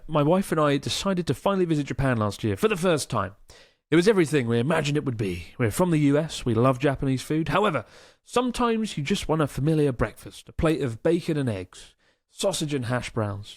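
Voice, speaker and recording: A man's voice: a little high, animated, brisk, few pauses, no room sound, studio quality. A man co-hosting a casual podcast, reading out listener emails and chatting enthusiastically, swearing casually now and then.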